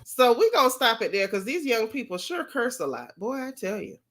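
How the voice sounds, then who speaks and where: A woman's voice: fairly high pitch, very animated, fairly quick, a bit bright. A woman from Florida hosting a casual gossip vlog, chatty and mocking as she comments on clips.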